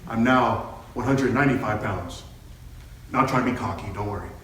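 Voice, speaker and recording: Recorded from far off in a very echoey meeting hall, a young man gives an earnest personal speech, telling his own story to a meeting. His voice is mid-range and a bit bright at normal speed, and he quotes himself and others as he tells it.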